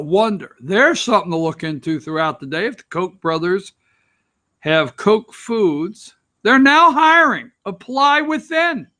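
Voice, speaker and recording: A man's voice: sits high, pushed and bright. A man hosting an opinion talk show, ranting with sarcastic, rambling asides.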